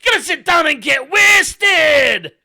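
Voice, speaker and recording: A man putting on a Scottish accent to play a loud, rowdy male pub vendor pushing pints and pickles. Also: extremely high pitch, very animated, slow, gravelly, pitched above the performer's own voice, full character voice. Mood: rowdy shouting. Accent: put-on Scottish. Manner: shouting, rowdy.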